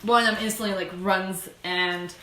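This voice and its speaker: A woman's voice: mid-range voice, fairly even intonation, moderate pace, noisy background. Chatty woman game master, roomy room. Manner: chatty, loose narration with many fillers. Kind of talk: narrating a tabletop game. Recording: roomy room with music behind.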